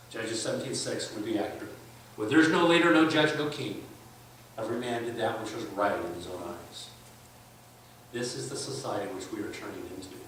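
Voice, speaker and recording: Emphatic preacher in an echoey hall. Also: male voice, mid-range voice, fairly bright tone, a little hiss or hum. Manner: emphatic, acts out both sides of debates. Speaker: conference speaker. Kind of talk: sermon. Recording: echoey church hall from far off.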